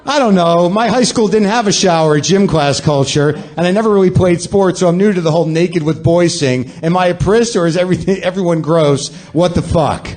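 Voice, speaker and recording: A man's voice: high voice, a little fast, hardly any pauses, darkish tone. A man hosting a podcast, delivering a sardonic, self-deprecating comic monologue in a ranting manner to a live audience. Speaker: podcast host.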